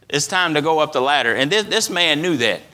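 Bright-voiced male preacher, repeating for emphasis. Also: a little high. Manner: preaching with rising and falling emphasis. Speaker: pastor. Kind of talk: sermon.

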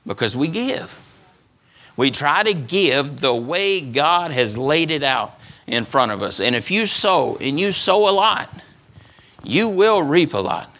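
Middle-aged man, pastor preaching, folksy, emphatic, bright tense tone. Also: on the high side, animated, takes it slowly. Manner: folksy, repeats words, rises to emphatic peaks. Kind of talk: sermon.

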